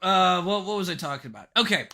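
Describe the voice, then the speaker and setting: Young guy live streaming from his room, bright forceful voice, kinda high, swears a lot, rambles. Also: quick pace. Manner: excitable, swearing, rambling with restarts and laughs. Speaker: streamer reviewing viewer decks. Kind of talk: casual live stream chat. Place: his bedroom.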